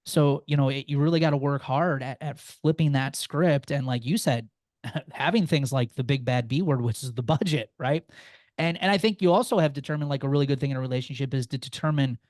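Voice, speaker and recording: A man's voice: medium pitch, brisk, darkish tone, no room sound, clean studio sound. A man who is a guest on a podcast, giving personal finance advice in an earnest, encouraging way. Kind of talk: conversational interview.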